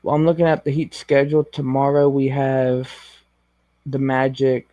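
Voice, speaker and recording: Male co-host, casual sports chat, monotone, laid-back, dry close sound. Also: mid-range voice, normal speed, dry recording, lo-fi sound. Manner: flat, laid-back, short agreeing replies. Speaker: podcast co-host.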